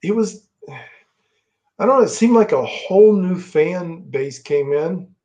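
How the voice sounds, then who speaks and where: A man's voice: high voice, lively intonation, unhurried, mellow. A middle-aged man, a guest on the show, telling anecdotes in a loose, rambling way full of restarts. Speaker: guest, former wrestler. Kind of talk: casual storytelling. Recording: dull lo-fi sound.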